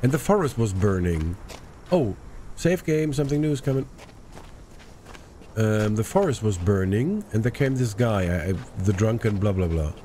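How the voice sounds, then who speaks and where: Brief: male gamer, chatty casual commentary, lowish mellow voice. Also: sing-song, a little hiss or hum. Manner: chatty, muttering to himself, quick asides. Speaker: let's play gamer.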